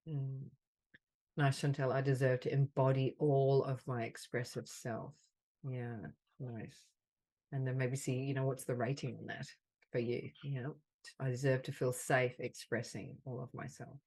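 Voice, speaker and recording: A woman hosting a group healing call on a video call, slowly leading gentle repeated affirmations. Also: very deep voice, little pitch movement. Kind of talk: guided group session.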